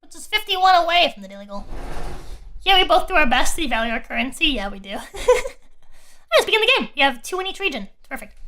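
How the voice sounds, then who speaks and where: A woman's voice: high voice, sing-song, brisk, pushed and bright. A woman streamer chatting casually while playing a game, rambling and restarting her sentences and laughing often. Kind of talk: casual live-stream gameplay chat.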